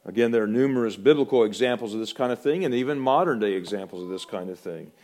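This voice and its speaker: A pastor preaching a sermon in a church, swinging between loud, emphatic proclamation and quiet, hushed warning. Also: male voice, on the low side, fast.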